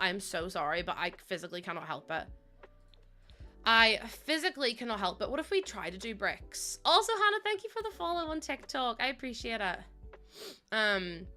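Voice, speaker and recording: A young woman live streaming, thinking aloud as she builds and warmly thanking viewers by name. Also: mid-range voice. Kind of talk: casual live-stream chat while building in a game.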